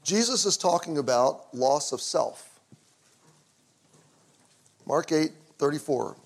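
A middle-aged male pastor telling a personal story in a conversational sermon, going quiet and low in tender moments. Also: expressive, takes it slowly, creaky, pauses often.

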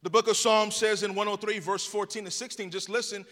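Male preacher, high voice, playful call-and-response, recorded with long church reverb. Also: fairly even intonation, brisk, hardly any pauses, fairly bright tone. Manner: playful storytelling. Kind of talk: sermon with jokes.

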